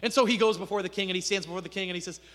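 Brief: male preacher, animated storytelling sermon, bright voice, echoey hall. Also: high-pitched, racing. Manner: animated storytelling, casual asides.

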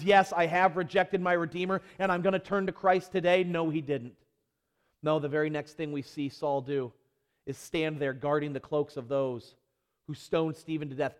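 A male pastor delivers a sermon in a church, repeating phrases as he builds to emphatic points. His voice sits a little high for a man. A long reverb rings through the hall. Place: church sanctuary.

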